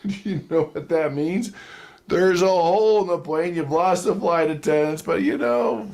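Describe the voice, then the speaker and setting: A man with a voice on the high side gives a lively sales training seminar lecture at normal speed. He tells stories in an animated way, acting out quotes and chuckling.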